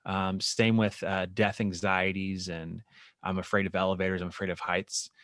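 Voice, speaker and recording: A man who works as a therapist, speaking as a podcast guest and explaining his work in an animated way, sometimes acting out what clients and therapists say. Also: deep voice, moderate pace, dry recording, studio quality. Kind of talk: casual interview chat.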